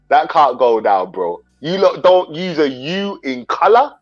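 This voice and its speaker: A fairly high-voiced man from England, hosts a casual chat. He tells animated stories and slips into quick impressions of others. The audio is dull and lo-fi, with faint music running underneath. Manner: animated storyteller, mimics voices, laughs often. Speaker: host.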